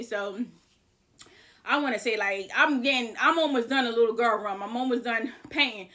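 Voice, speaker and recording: Bright-voiced young woman telling a story. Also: a little high, normal speed. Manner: candid, profane, repetitive retelling. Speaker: vlogger. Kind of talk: casual storytime vlog.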